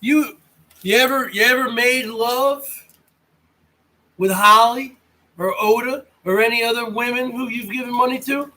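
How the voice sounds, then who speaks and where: A high-pitched man from the United States, hosting a rambling livestream at an unhurried pace. His voice is bright and edgy, and he teases and taunts his chatters one by one. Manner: mocking, taunting, talks straight to chatters. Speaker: livestream host reading chat. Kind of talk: casual rambling livestream chat.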